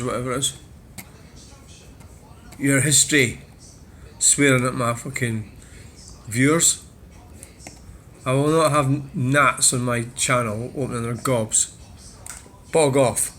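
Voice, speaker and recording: A man's voice: mid-range voice, a little slow, pauses often, a little hiss or hum. A Scottish man hosting a vlog, bluntly and swearily reacting to viewer comments. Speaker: channel host.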